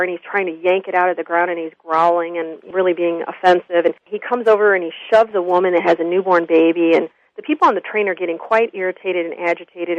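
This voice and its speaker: A woman guest telling a story in an earnest, animated interview. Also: fairly low pitch, dry recording. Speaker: guest, school consultant. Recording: dull lo-fi radio audio.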